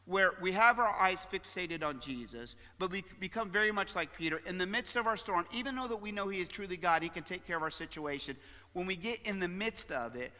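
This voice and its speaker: A man preaching a sermon as pastor, telling stories with animated swings from loud to hushed. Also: sits high, big-room sound. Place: church sanctuary.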